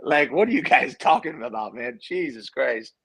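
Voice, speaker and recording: A man's voice: sing-song, normal speed, gravelly, fairly bright tone. A former quarterback in his thirties, telling loose, profane stories in a casual interview and mimicking people in a raised voice. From Cuban heritage. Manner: laid-back, swears freely, acts out quotes in a higher voice. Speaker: former college quarterback, guest.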